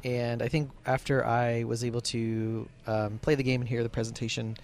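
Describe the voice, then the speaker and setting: Tired male co-host, hesitant and thinking out loud, casual chat in a hotel lobby. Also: mid-range voice, level tone, moderate pace, slight background noise. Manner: hesitant, lots of fillers and restarts while thinking aloud. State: physically tired. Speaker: podcast co-host.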